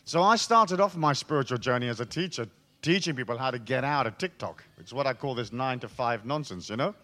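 A man's voice: medium pitch, lively intonation, a little fast, sharp tone. A middle-aged man, a spiritual speaker joking with a live audience in a profane, storytelling way. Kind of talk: irreverent talk to a live audience.

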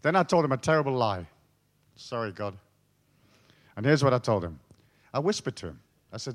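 A man giving a swaggering, profane motivational talk, telling stories to an audience and dropping to hushed tones for emphasis. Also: medium pitch, big pitch swings, a little fast, long pauses. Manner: swaggering, profane, theatrical storyteller. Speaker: motivational speaker.

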